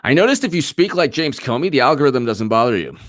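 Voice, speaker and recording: A man hosting casual live political commentary, sarcastic and animated, often restarting mid-sentence. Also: medium pitch, quick pace, dry recording, clean studio sound.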